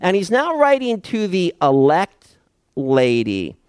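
A man preaching an expository sermon in a deliberate, emphatic way, often reading verses aloud as he explains them. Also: sits high, wildly swooping pitch, smooth, no echo, clean studio sound. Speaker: pastor.

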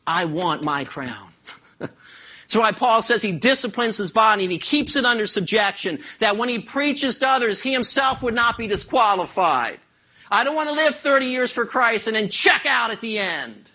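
A man's voice: sits high, expressive, normal speed, sharp tone. A man preaching a sermon as pastor, asking the congregation rhetorical questions.

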